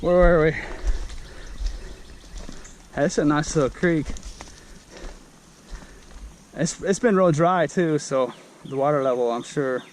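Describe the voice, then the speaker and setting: A man's voice: fairly high pitch, takes it slowly, pauses often, a little hiss or hum. A man narrating a casual creek-walk vlog outdoors, rambling and thinking aloud as he searches for words, recorded on an action camera mic. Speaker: creek-walking vlogger.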